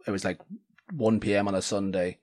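Male interview host, lower voice, chatty and curious. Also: little pitch movement, fairly quick, a little mellow. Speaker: podcast host. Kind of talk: casual interview chat.

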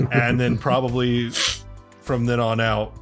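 A man of ordinary pitch talks loosely on a podcast, trailing through "like" and "um" and restarting his sentences. He swears casually and keeps talking on and on in a relaxed, chatty way. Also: slow, faint music behind. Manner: rambling with many fillers and restarts, swears freely. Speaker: podcast co-host. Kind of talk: casual chat.

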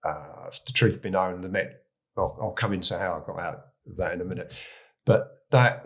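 A man in his sixties with an English accent, telling stories as a guest in a relaxed, chatty way. His voice sits a bit low, and he stumbles, restarts and chuckles at his own tales. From England. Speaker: guest, retired police chief. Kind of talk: casual anecdotal storytelling.

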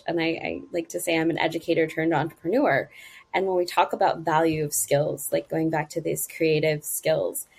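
A middle-aged woman talking about her consulting work in a casual interview, with an animated way of leaping up in pitch for emphasis. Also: slightly rough. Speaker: guest, marketing consultant.

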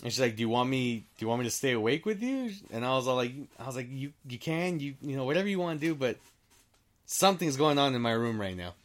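A man telling a story in an easygoing, unscripted way, with a voice of ordinary pitch for a man. He wanders, restarts his sentences and swears freely. He acts out the back-and-forth of what people said in little quoted bits. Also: lively intonation, fast. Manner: rambling, with frequent restarts. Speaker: storyteller guest. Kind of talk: casual storytelling.

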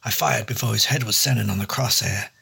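A man's voice: on the low side, fairly quick, gravelly, pushed and bright, husky. A man narrating a hard-boiled noir story in a dry, wry first-person detective voice. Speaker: storyteller and host.

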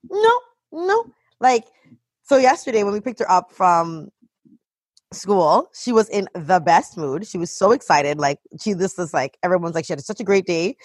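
A woman, a mother of a toddler, telling animated stories in casual chat and saying "like" a lot. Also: fairly low pitch, no room sound. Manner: animated storytelling, heavy use of "like".

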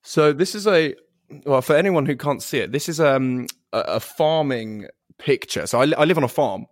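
A man's voice: fairly high pitch, normal speed. A British man in his twenties, a guest on a video-call chat, polite and self-deprecating, laughing easily. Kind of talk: casual chat.

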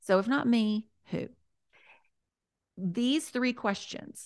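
A woman, a guest author, chatting casually and warmly, repeating her key points as she gives encouraging advice. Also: a little high, takes it slowly, no room sound, studio quality.

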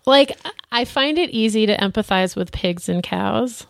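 A woman's voice: a little high, a little slow, vocal fry, no room sound. Chatty woman co-host in a dry room. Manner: relaxed, chatty, laughs easily, many ums. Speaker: podcast co-host. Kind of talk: casual chat.

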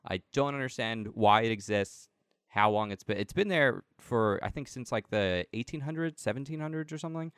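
Man, casual podcast chat, rambling with fillers, smooth resonant voice, dry sound. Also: medium pitch, a little fast, a bit bright, dry recording. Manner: rambling, heavy use of "like" and "um".

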